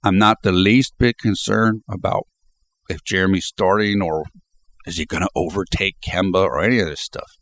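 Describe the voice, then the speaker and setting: A man giving relaxed, off-the-cuff spoken commentary on a basketball player for his video channel. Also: deep voice, normal speed. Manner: relaxed, reflective, speaks off the cuff. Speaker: sports video blogger.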